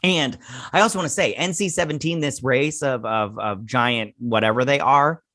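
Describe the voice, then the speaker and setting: A man's voice: medium pitch, fairly bright tone, dry recording, studio quality. A man hosting a casual TV review, sarcastic and mocking, often laughing and using fillers. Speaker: YouTube host reviewing a TV episode.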